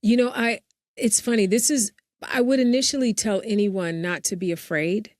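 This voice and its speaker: A woman's voice: medium pitch, fairly even intonation, moderate pace, dry recording, clean studio sound. A woman speaking as an interview guest about family caregiving, earnest and open, often saying "you know". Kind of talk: heartfelt interview conversation.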